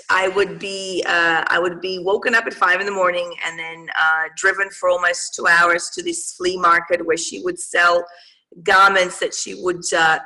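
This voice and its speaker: A woman's voice: lowish voice, pushed and bright, poor audio. A woman with an Australian accent, telling her life story as a guest in an interview, with many fillers and restarts.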